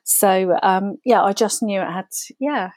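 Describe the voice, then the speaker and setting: A woman's voice: medium pitch, unhurried, darkish tone, no echo, studio quality. A woman co-hosting a podcast, talking candidly and rambling with giggles. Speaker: podcast co-host. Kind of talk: casual podcast chat.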